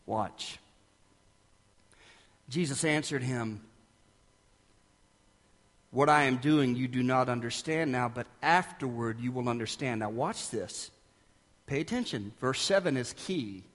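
A man preaching a sermon as pastor, emphatic and dramatic, dropping to hushed asides and rising again. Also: mid-range voice, takes it slowly, pauses often, long reverb tail.

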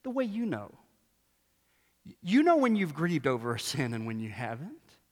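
A man preaching a sermon as a pastor, animated and emphatic, repeating lines and firing rhetorical questions. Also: a little high, normal speed. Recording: long hall reverb.

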